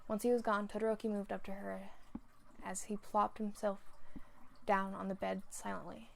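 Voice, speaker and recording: Flat, gravelly young woman reader. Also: mid-range voice, moderate pace, a little hiss or hum. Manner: flat reading with small slips. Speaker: fan fiction reader. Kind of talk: reading fan fiction aloud.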